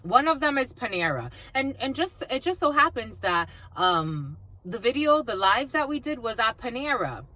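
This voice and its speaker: A woman's voice: fairly high pitch, sing-song, moderate pace, hardly any pauses, bright, forceful tone. A woman reading cards for her viewers, telling a story in a blunt, profane, casual way. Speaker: psychic card reader.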